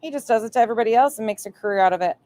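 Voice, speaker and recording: A woman's voice: on the high side, racing, a little mellow. Nasal woman host, dry sarcastic commentary with plenty of swearing. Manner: sarcastic, profane running commentary. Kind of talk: reaction commentary.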